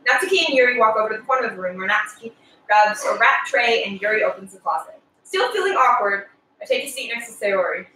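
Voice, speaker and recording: A woman's voice: fairly high pitch, expressive, fast, bright, forceful tone, slight background noise. A woman streamer reading game narration aloud with giggly, sarcastic asides, recorded far from the mic in an echoey room.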